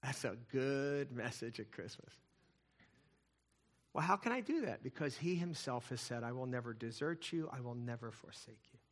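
A middle-aged man preaching a sermon, telling stories and swinging between loud emphatic lines and hushed, quiet ones. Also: mid-range voice, expressive, normal speed. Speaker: pastor.

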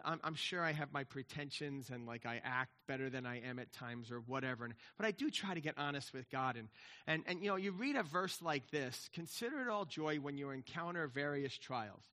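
A male pastor preaching a sermon, swinging from quiet, intimate asides to loud, emphatic passages and repeating key phrases for emphasis. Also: fairly high pitch.

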